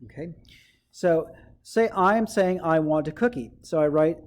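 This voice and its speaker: A man's voice: on the high side, unhurried, darkish tone. A male teacher giving a writing lesson to children, explaining step by step and often checking in with "okay?".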